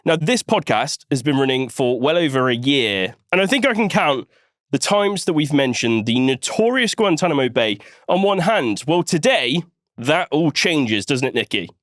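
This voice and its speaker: A man's voice: on the high side, big pitch swings, normal speed, fairly bright tone, dry recording, studio quality. A man hosting a politics podcast, bantering playfully with his co-host.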